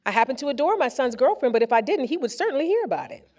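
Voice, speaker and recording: A woman presenter reading a first-person story aloud on a theater stage into a microphone, with expressive comic timing. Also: high-pitched, racing. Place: theater stage before a live audience.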